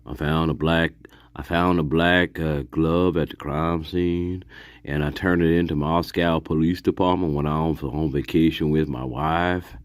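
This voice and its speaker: A man putting on a mocking impression of a smug middle-aged male investigator, in a low, boastful drawl full of "uh"s. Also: fairly even intonation, measured pace, no room sound, clean studio sound.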